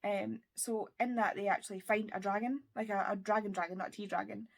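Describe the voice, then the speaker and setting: Woman, from the UK, book vlogger, chatty and enthusiastic, casual wrap-up talk, mid-pitched voice. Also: fairly even intonation, fairly quick, creaky. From United Kingdom. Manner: enthusiastic, chatty, drops into whispers.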